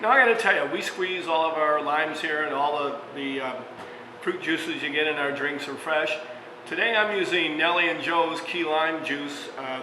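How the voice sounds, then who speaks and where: A man hosting a casual cooking show as a restaurant chef, chatting and telling stories with lots of fillers and little chuckles. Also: a little high. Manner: chatty storyteller, frequent fillers, chuckles mid-sentence. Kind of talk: casual cooking demonstration with anecdotes. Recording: echoey room with long reverb, faint background hum.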